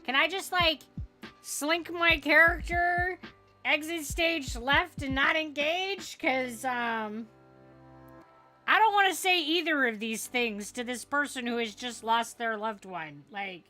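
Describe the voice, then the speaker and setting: High-voiced, casual woman game streamer. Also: slow, sharp tone. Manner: casual, awkward, chatty asides. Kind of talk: let's play commentary. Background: game music.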